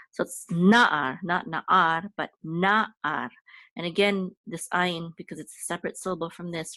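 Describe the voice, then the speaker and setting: A woman's voice: sits low, dry recording. A woman teaching a language lesson, patiently explaining each step with frequent fillers and check-ins. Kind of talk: casual lesson walkthrough.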